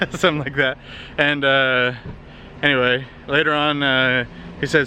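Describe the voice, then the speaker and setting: A tired Canadian travel vlogger walks city streets outdoors, narrating on a handheld compact camera. His mid-range voice moves at a moderate pace with slight background noise, and he's relaxed, rambling with lots of fillers.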